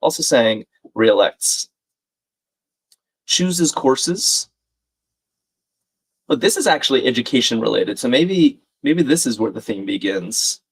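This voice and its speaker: A man's voice: mid-range voice, lively intonation, takes it slowly, pauses often, breathy edge. A man hosting a live crossword-solving stream, chatting casually, thinking aloud and reading out viewer comments. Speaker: livestream crossword host. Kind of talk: live puzzle-solving chat.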